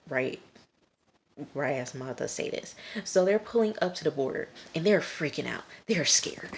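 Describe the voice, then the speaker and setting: Low-voiced woman recapping a TV episode. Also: darkish tone, slight background noise. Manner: chatty, talks straight to viewers, scolds the characters. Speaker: TV episode reviewer. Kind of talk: casual episode recap to camera. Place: at home late at night.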